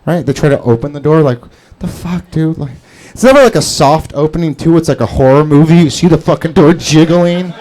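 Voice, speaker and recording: A man doing a rambling, profane stand-up set on an open-mic stage, jumping into a squeaky high voice for scared bits. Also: fairly quick, hardly any pauses, a little mellow. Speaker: stand-up comedian. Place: comedy club stage before a live audience.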